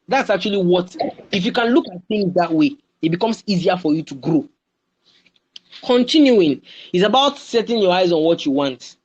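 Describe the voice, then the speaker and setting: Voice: medium pitch, expressive, normal speed, muffled recording, slight background noise. A young adult with a Nigerian accent giving a motivational webinar talk, repeating phrases and often checking in with the listeners. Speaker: webinar speaker.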